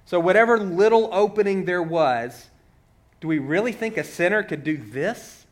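A man's voice: high voice, animated, moderate pace. A man preaching a sermon in a conversational way, walking through a story and asking many rhetorical questions.

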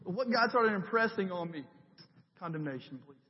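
A man's voice: high-pitched, animated, a little fast, long reverb tail, highs cut off. A man preaching a conversational sermon in a church sanctuary, building his points through emphatic repetition. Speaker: pastor.

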